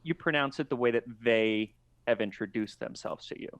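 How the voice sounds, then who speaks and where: A man's voice: medium pitch, moderate pace, smooth. A man talking on a podcast in casual chat, explaining his views in a thoughtful way. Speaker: podcast guest.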